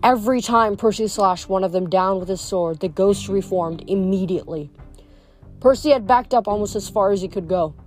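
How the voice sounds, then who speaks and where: A woman's voice: medium pitch, soft background music. Woman reading a novel aloud. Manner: measured reading with small stumbles. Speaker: audiobook reader.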